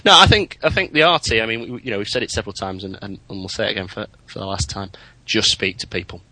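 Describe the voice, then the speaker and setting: Chatty, bright-voiced man telling flying tales. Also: lowish voice, fast talker, no echo, poor audio. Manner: chatty, anecdotal, animated when telling stories. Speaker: podcast co-host, private pilot. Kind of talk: casual chat about flying.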